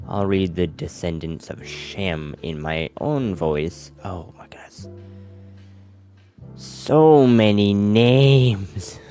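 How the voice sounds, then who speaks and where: Low gravelly rambling male streamer. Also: a bit bright. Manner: rambling, self-mocking, trails off into murmurs. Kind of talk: casual stream chat and Bible reading.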